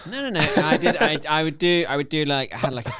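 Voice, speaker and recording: A man's voice: fairly high pitch, big pitch swings, quick pace, fairly bright tone, clean tone, dry recording. A man talking in casual podcast chat, rambling and self-mocking as he tells stories.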